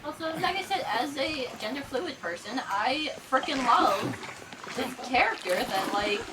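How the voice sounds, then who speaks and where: A woman's voice: sits high, expressive, unhurried, noisy background. A woman playing and chatting casually as co-host of a gaming video, often trailing off mid-thought. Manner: casual, trailing off, distracted by the game. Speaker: gaming channel co-host, player. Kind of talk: casual let's-play chat.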